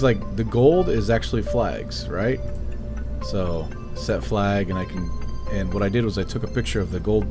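A man streams a game live, animated and joking with his chat while admitting he's worn out. His pitch swings widely and he talks at a slow pace. Game soundtrack music plays steadily behind him. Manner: animated, jokey, chats with viewers. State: tired. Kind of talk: casual live-stream commentary.

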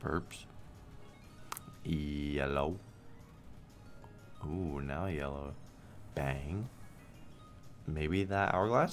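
Low-voiced man cursing at a slot game. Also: extremely slow, long pauses, faint music behind. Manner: swears and pleads at the game, frustrated and sarcastic. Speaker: slot streamer. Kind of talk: casual gambling stream commentary.

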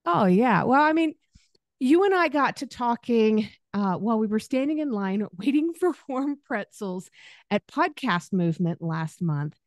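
A woman's voice: a little high, expressive, a little slow, dry recording, clean studio sound. A woman podcast host from Arkansas, chatting in a friendly way and laughing often as she interviews her guest. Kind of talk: casual interview conversation.

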